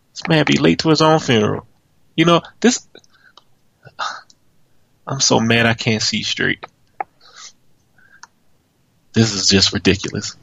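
A man's voice: medium pitch, lively intonation, moderate pace, creaky, long pauses, fairly bright tone, dry recording, poor audio. A man hosting a podcast, ranting in exasperation, swearing and laughing as he waits for his co-host. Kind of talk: profane comedic podcast rant.

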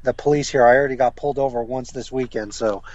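A man's voice: mid-range voice, steady tone, a little mellow, no echo. Rambling male caller on a dull line. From South Florida. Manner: rambling, halting storyteller. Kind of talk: casual chat. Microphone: phone call. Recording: dull, dry phone-in line.

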